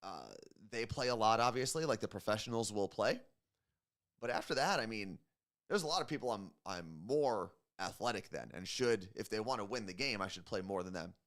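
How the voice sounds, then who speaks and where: A man's voice: lowish voice, moderate pace. Rambling, casual male radio co-host. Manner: relaxed, rambling, many fillers. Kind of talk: casual morning show chat.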